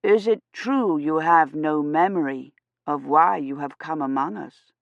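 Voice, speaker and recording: Woman reading as a gentle medieval priest. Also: deep voice, vocal fry, dry recording, lo-fi sound. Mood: gentle, concerned. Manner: slow, gentle, questioning. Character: grave kindly medieval village priest, man.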